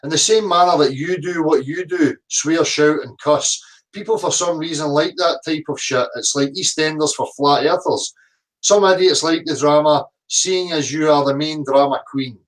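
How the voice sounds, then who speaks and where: A man's voice: a little high, moderate pace, distant mic. Sarcastic, combative man. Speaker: online commentator. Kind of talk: reading comments aloud and ranting.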